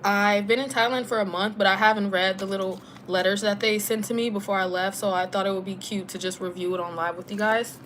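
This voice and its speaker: Chatty young woman on a relaxed live stream. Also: mid-range voice, fairly quick, hardly any pauses, slight background noise. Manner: relaxed and chatty, heavy use of "like" with slang. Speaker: travel vlogger and former teacher. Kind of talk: casual live Q&A chat.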